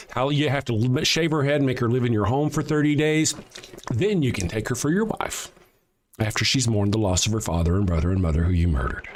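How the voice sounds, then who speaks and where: A man's voice: medium pitch, slight background noise. A man hosting a livestream, answering chat sarcastically and reading out verses in casual commentary. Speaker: livestream host.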